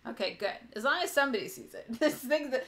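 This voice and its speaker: A woman's voice: sits high, lively intonation, quick pace. A young woman hosting a livestream board game session, chatting casually, laughing often and reading the chat aloud. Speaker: board game streamer host.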